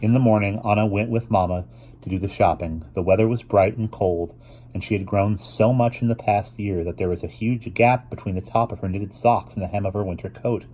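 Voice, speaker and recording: A man reading a children's novel aloud, unhurried, with occasional restarts. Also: lowish voice, dark tone. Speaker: reader.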